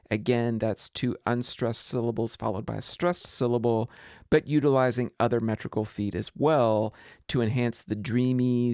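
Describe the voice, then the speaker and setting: A man lecturing on literature in a measured, deliberate way, reading verse aloud. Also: medium pitch, no echo, clean studio sound. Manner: measured, deliberate delivery with poems read aloud. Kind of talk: recorded lecture.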